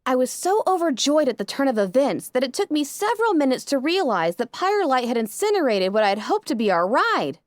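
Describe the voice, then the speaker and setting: Brief: dramatic woman narrator, fairly high and very lively pitch, dry close mic. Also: brisk, hardly any pauses, dry recording. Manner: expressive, dramatic first-person reading. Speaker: audiobook narrator. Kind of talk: reading fan fiction aloud.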